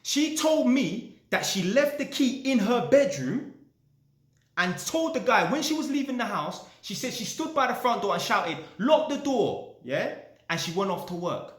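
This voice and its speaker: A man tells a story in a lively, casual way, his voice rising and falling a lot. He swears freely and keeps checking in with "yeah?". The sound carries a roomy echo. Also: extremely high pitch, normal speed. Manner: animated, swears, tags lines with "yeah?". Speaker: vlogger.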